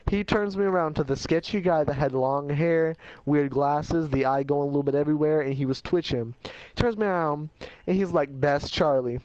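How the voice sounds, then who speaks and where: A man's voice: fairly high pitch, fairly quick, a little mellow, no echo, lo-fi sound. A man telling a casual life story in a rambling, slangy way, laughing at himself as he goes.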